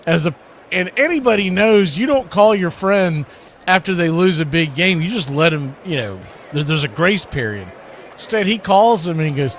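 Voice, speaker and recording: A man calling baseball play-by-play on an internet radio stream, trading pitch calls for chatty stories and laughing as he tells them. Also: animated, normal speed, a bit bright, slight background noise. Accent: American. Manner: chatty, laughs while telling anecdotes. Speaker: play-by-play announcer. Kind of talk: play-by-play commentary mixed with storytelling.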